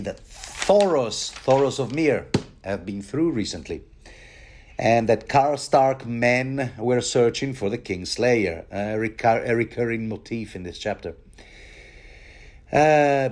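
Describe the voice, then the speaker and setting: A man's voice: mid-range voice, darkish tone. A man giving a rambling, casual book commentary, wry and chatty with many asides.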